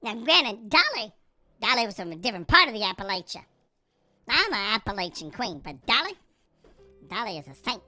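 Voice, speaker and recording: A gentle female house cat with a soft Southern twang, put on by a man. The voice sits very high and sounds bright and thin. She drawls fondly, like a small-town queen. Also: big pitch swings, moderate pace, soft background music, exaggerated voice. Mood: gushing.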